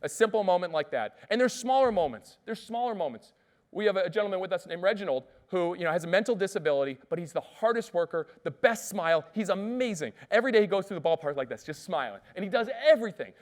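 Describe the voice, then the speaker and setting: Fast-talking, upbeat male keynote speaker. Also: high voice. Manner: lively, asks the audience questions. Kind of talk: energetic storytelling keynote speech.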